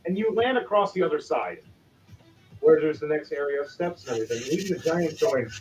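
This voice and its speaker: Lively game master, far from a lo-fi mic. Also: male voice, a little high, faint music behind. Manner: animated, jumps into quick character voices. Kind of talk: narrating a tabletop game. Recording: distant lo-fi mic with faint noise.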